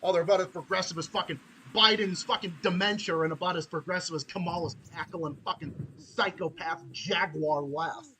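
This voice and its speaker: A man tears through an angry, profane political rant as a podcast host, slipping into mocking voices. His voice is bright and edged, with a faint hiss of background noise behind it. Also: sits high, steady tone, a little fast, low-quality recording. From Massachusetts, USA.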